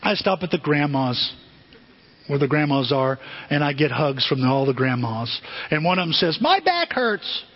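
Male pastor, conversational preacher who asks questions, husky and slightly high voice, muffled lo-fi sound. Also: moderate pace. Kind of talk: sermon. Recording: dull lo-fi sound.

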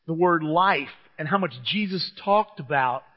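High-voiced middle-aged preacher, reverberant hall. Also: male voice, measured pace. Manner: conversational, enthusiastic storytelling. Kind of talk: sermon. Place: church hall. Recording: muffled church recording with long reverb.

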